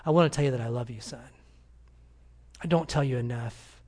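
A man's voice: mid-range voice, fairly quick, warm tone, close to an everyday voice. A man voicing an earnest, hesitant mother in a sermon story, stumbling over her words.

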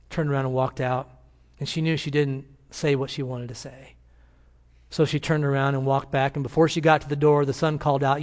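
A man's voice: medium pitch, level tone, fairly quick. A man, a senior pastor, preaching a sermon to a congregation in a church, telling stories earnestly and urging his listeners. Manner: earnest storytelling, emphatic exhortation.

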